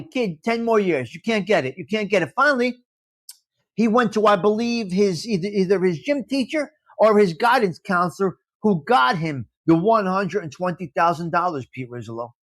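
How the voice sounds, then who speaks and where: A man's voice: sits high, fairly bright tone. A man hosting a casual live-stream chat with a New York accent. He is blunt and opinionated, repeats himself for emphasis, and drops in Italian phrases. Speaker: live show host.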